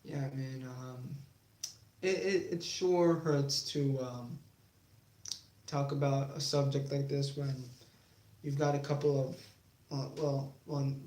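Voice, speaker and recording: A young man hosting his own sports talk channel, talking casually with many fillers and pauses, growing defiant. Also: mid-range voice, flat delivery, dark tone. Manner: halting, many fillers, then heated and defiant. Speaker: YouTube sports channel host. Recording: echoey room.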